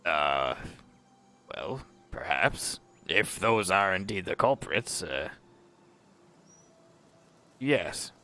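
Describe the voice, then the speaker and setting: Low gravelly hesitant man. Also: very animated, very slow, pauses often, sharp tone. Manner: hesitant, polite. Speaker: player. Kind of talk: casual tabletop play.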